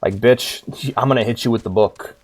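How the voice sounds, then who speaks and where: Excitable young man streaming a game. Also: medium pitch, moderate pace, soft background music. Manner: excitable, swears freely, laughs a lot. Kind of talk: casual gameplay commentary.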